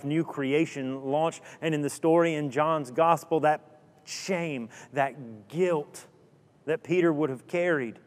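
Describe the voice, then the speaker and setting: Slow, dramatic preacher in a reverberant hall. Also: male voice, mid-range voice. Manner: dramatic, with rhetorical questions and sudden drops to a hush. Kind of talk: sermon storytelling.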